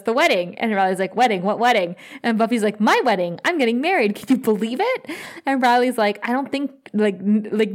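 A woman co-hosting a casual podcast, animatedly retelling scenes and acting out dialogue, quick to laugh. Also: medium pitch. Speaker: podcast co-host. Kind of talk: casual recap chat.

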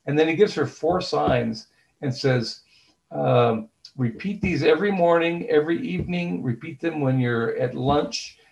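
A man's voice: on the high side, a little slow, creaky, a little mellow, muffled recording. A man being interviewed as an author, speaking thoughtfully with frequent fillers and restarts, and retelling scenes in quoted dialogue. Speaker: author and guest.

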